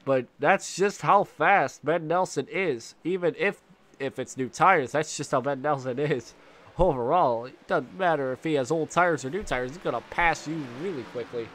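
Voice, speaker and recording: A man's voice: fairly high pitch, normal speed. A young man with a stuffy, congested voice doing play-by-play commentary of a sim race, rambling with fillers and restarts and jumping up at the close moments. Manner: rambling with fillers and restarts, excited bursts at contact. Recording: faint engine noise behind.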